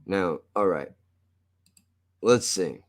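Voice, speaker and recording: A man's voice: low-pitched, lively intonation, very slow. A man from South Jersey with a South Jersey accent, chatting loosely and with swearing on a live stream. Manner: loose and profane, talks to chat. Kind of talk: casual live-stream chat.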